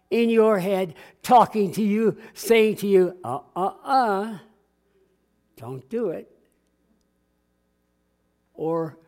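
Male pastor, higher-pitched voice, folksy call-and-response sermon in a church. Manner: conversational preaching with call-and-response, acting out dialogue. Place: church sanctuary.

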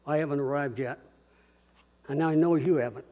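An older man preaching a sermon as pastor, earnest and swinging between quiet reflection and rousing call-and-response. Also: on the high side, normal speed.

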